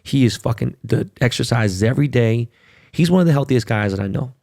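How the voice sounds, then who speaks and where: Middle-aged male podcast host with a gravelly voice; he rants in a casual, profane, emphatic way. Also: mid-range voice, lively intonation, a little fast, a little mellow, no echo, clean studio sound. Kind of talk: casual monologue.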